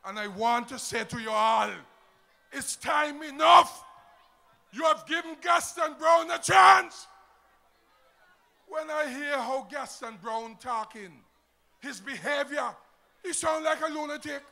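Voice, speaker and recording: A man with an Antiguan accent giving a loud, emphatic political rally speech to a crowd. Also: very high voice, takes it slowly, gravelly, long pauses. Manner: shouting, emphatic, rousing crowd.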